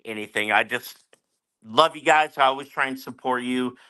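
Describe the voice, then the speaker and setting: A man's voice: mid-range voice, moderate pace, bright, forceful tone. A man calling in to a live sports stream, rambling and joking with a lot of laughter. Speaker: caller guest. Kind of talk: casual live-stream chat.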